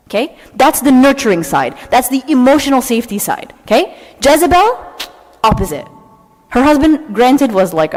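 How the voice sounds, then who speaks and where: Animated woman preaching in a hall. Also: high voice. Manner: animated, dramatic, keeps asking "okay?"; jokey, self-mocking asides. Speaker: church speaker. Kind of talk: sermon talk. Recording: long hall reverb.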